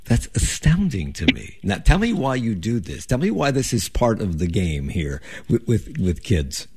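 A man's voice: fairly low pitch, sing-song, normal speed, darkish tone, husky. A man interviewing a guest in a casual radio chat, curious and stammering on restarts.

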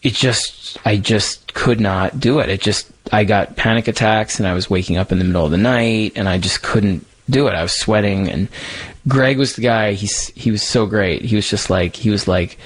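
A man, a guest writer, speaking openly in an interview with halting restarts. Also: on the low side, slightly rough, poor audio. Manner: open, halting, many restarts. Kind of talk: interview conversation. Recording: music playing underneath.

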